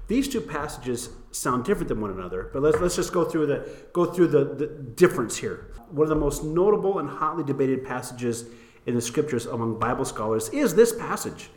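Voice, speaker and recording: A man co-hosting a casual Bible discussion show, joking and laughing often, with bursts of fast talk. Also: medium pitch, big pitch swings, reverberant, a little hiss or hum. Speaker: podcast co-host.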